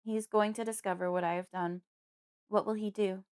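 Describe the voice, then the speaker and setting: A woman giving measured first-person narration of a horror audiobook. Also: medium pitch, fairly even intonation, a little mellow, clean tone. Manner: measured, storytelling.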